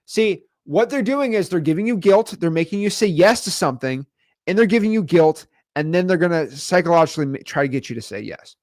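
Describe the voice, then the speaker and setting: A man casually teaching real estate wholesaling to the camera, animated and conversational, tagging sentences with okay and right. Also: high voice, a little fast, no echo, clean studio sound.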